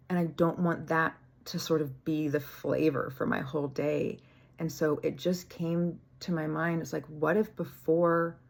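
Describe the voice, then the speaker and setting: Candid gravelly-voiced woman vlogger. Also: low voice, darkish tone. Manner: candid, rambling, swears freely, laughs at herself. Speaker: spiritual vlogger. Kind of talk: casual spiritual vlog monologue.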